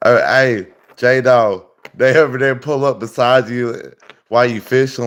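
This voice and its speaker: A man hosting a casual livestream tells stories in a wandering, exaggerated style, laughing throughout. He speaks a little slowly in a mid-range voice.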